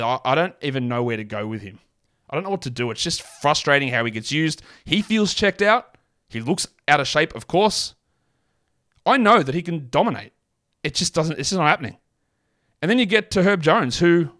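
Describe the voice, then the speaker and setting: A man's voice: a little high, a bit bright. A man hosting a solo sports podcast, talking in a blunt, rambling, self-mocking way. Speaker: podcast host. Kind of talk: casual solo podcast talk.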